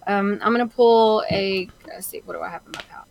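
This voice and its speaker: A woman player in a tabletop game chats playfully about what her character does. Her voice is mid-pitched and recorded dry and close, with no room sound. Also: brisk, vocal fry, a little mellow, dry recording. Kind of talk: casual tabletop role-play.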